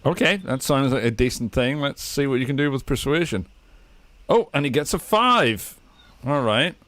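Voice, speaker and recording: A man in a relaxed, easygoing manner, narrating and ruling as game master of a tabletop game played online. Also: mid-range voice, moderate pace, no room sound.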